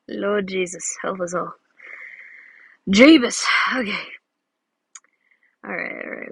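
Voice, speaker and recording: A woman's voice: medium pitch, creaky, fairly bright tone, no room sound. A woman giving casual, rambling, giggly commentary while she draws. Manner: rambling and giggly, many fillers. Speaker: drawing video creator.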